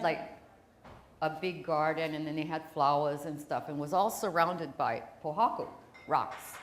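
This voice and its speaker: A woman, telling a family story on stage with dramatic pauses. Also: fairly low pitch, reverberant. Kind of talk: live personal storytelling.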